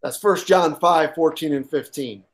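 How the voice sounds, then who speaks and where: A man preaching a sermon as pastor, stressing points with pauses for effect, repeating key lines and often filling gaps with "uh". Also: on the high side. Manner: halting with frequent uh fillers.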